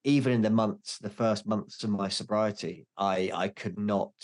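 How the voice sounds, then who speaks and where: A man's voice: fairly low pitch, fairly even intonation, moderate pace, a little mellow. A man in his forties, a podcast guest, talking candidly and mocking himself, with many restarts. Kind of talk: casual interview chat.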